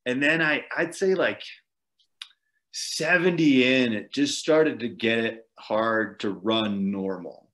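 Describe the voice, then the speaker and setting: Taking his time, a man with a medium-pitched, slightly bright voice describes a long race as a guest on a podcast. The ultrarunner's account is relaxed and meandering, with frequent chuckles and fillers throughout the interview.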